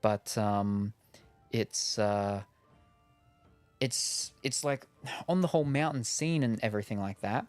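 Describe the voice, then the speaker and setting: A man's voice: fairly low pitch, slow, pauses often, a little mellow, no echo, faint music behind. An Australian man chatting casually while playing a game, rambling with lots of fillers and jokes. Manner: rambling, lots of ums, jokey. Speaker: gaming streamer. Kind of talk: casual chat while gaming.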